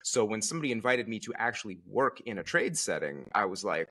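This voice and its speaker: A man from Connecticut telling stories as a podcast guest, in a casual and animated way. His voice is bright and forceful and sits a little low in pitch. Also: fast talker, hardly any pauses, breathy edge. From Connecticut, USA. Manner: animated storyteller. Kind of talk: casual conversational storytelling.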